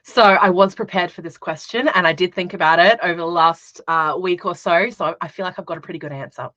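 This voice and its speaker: Chatty, bright-voiced woman guest. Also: fairly low pitch, fairly quick, dry recording, dull audio. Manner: warm-hearted, chatty, laughs often, uses fillers like "um" and "like". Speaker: guest, witch and tarot reader. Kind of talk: casual interview chat.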